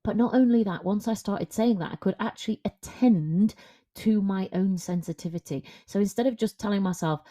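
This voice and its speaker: A woman's voice: mid-range voice, moderate pace, warm tone. A woman, a confidence coach, talking frankly and conversationally in a solo podcast monologue.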